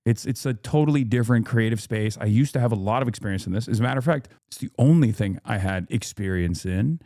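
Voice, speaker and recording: A man's voice: lowish voice, quick pace, warm tone, no echo, clean studio sound. A man in his thirties talking casually on a live stream, rambling with restarts and fillers and reading viewer comments aloud.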